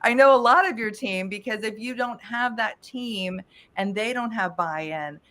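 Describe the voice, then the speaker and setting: A woman's voice: a little high, measured pace, a bit bright. A woman speaking as a guest in a podcast interview, talkative and emphatic with frequent restarts. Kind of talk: casual interview chat.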